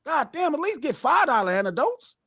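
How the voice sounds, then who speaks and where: A man's voice: extremely high pitch, big pitch swings, fairly quick, sharp tone, dry recording, studio quality. A middle-aged man hosting a live podcast, lecturing in a heated, profane, impassioned rant. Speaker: podcast host.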